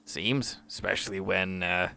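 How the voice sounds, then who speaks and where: A man at a tabletop game with a low, gravelly voice. He speaks slowly and hesitantly, politely feeling his way through each sentence with a bright edge. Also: fairly even intonation. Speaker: player. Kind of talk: casual tabletop play.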